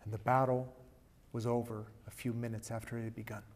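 A man preaching a sermon and reading a storybook passage aloud, swinging from hushed to loud and emphatic. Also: mid-range voice, little pitch movement, brisk, slight background noise.

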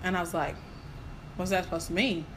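A woman's voice: fairly low pitch, brisk, a little hiss or hum. A young woman talking as a guest, telling her story animatedly and acting out what people said. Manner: animated storytelling, acts out quotes. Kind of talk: casual chat.

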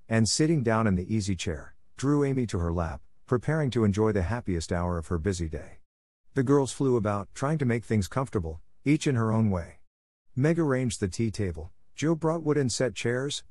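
A man narrating a classic novel in a measured, expressive reading. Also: lowish voice, no echo, clean studio sound.

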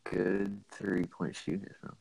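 A young man co-hosting a podcast, chatting laid-back about basketball, slangy and quick to laugh. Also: lowish voice, monotone, creaky, darkish tone, no echo, rough recording. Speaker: podcast co-host. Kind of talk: casual sports chat.

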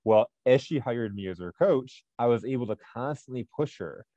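A man's voice: mid-range voice, expressive, moderate pace, warm tone, no room sound, dull audio. A man co-hosting a podcast, chatting casually and telling stories in an earnest, motivational way. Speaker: podcast co-host.

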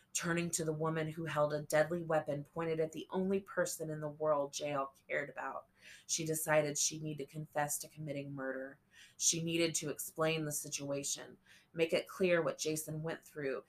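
A woman reading a novel aloud as an audiobook narrator, slow and measured. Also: deep voice, fairly even intonation. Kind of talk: scripted narration.

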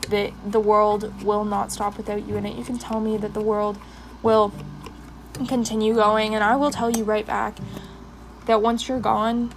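A woman's voice: medium pitch, flat delivery, measured pace, a little hiss or hum, rough recording. A young woman hosting a personal podcast, talking with passion and rambling with many fillers while doing her makeup. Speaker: podcast host.

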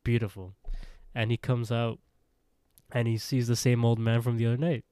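Smooth-voiced man recapping casually. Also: mid-range voice, completely flat delivery, normal speed, dark tone, no room sound, studio quality. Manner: rambling retelling with quoted voices and laughs. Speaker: podcast co-host.

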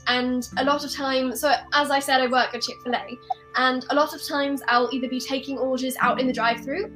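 A young woman with a high, bright-sounding voice talks eagerly about her acting dreams. She is bubbly and earnest, laughing easily between thoughts, and comes through a remote video call. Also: rough recording. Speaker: actress and voiceover artist, interview guest. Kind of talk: casual interview answers.

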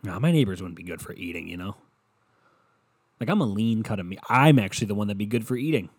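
A man's voice: on the low side, animated, fast talker, breathy edge, no room sound. A young man hosting a solo comedy podcast, rambling and swearing and laughing at his own jokes. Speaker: podcast host.

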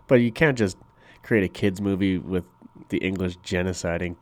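Male co-host, lowish voice, dry close sound, relaxed, riffing banter with plenty of swearing. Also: no echo. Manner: laid-back, sweary, quick to riff on jokes. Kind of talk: casual chat.

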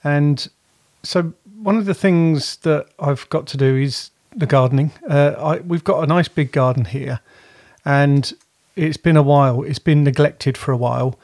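A man's voice: on the high side, a little slow, darkish tone, no echo, clean studio sound. A man co-hosting a podcast from home, chatting in a rambling way and often correcting himself. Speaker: podcast co-host. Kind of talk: casual chat.

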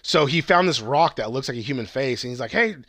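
Casual podcast co-host, man with a tense bright voice, excited rambling plot recap full of profanity. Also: mid-range voice, quick pace, dry recording. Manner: excited, rambling, swears a lot, laughs at bits. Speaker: podcast co-host reviewing movies.

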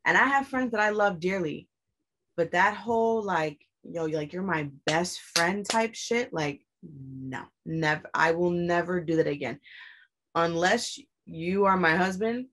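A young woman with a slightly low voice tells a personal story in casual conversation. She is blunt and emphatic and swears freely as she drives her points home. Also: fairly bright tone.

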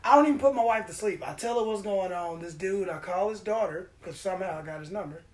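A man hosting a podcast, telling a story in a casual, profane, animated way and acting out the quotes. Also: high-pitched, fast talker. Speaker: podcast host.

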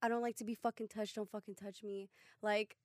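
A woman's voice: mid-range voice, flat delivery, fairly quick, no echo, studio quality. A young woman co-hosting a podcast, talking bluntly and emphatically, with heavy swearing, as she gives advice. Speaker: podcast co-host. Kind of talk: casual chat, giving advice.

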